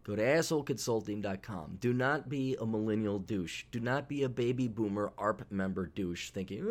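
A man's voice: fairly low pitch, normal speed, hardly any pauses. A man hosting a casual solo podcast, talking in a blunt, profane, sarcastic way, rambling with fillers. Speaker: podcast host.

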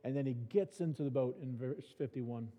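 Conversational pastor in a reverberant church. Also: male voice, medium pitch, moderate pace, warm tone. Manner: conversational, dry self-mocking humor, repeats words. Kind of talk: sermon. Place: church sanctuary. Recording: reverberant church hall, dull sound.

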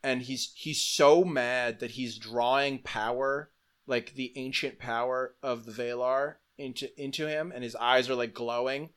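A man retelling a fantasy battle to friends in an animated, casual way. He swears freely and acts out the characters' lines as he goes. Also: mid-range voice, unhurried.

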